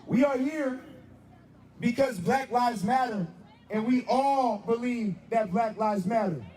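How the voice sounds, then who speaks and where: A man with a very high voice leads a street protest, shouting a rally speech and call-and-response chants. He is picked up from some distance away. A loud, noisy crowd fills the outdoor street around him. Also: slow, reverberant. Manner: shouting, repeats "am I right or am I right". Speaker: protest leader. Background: loud crowd noise.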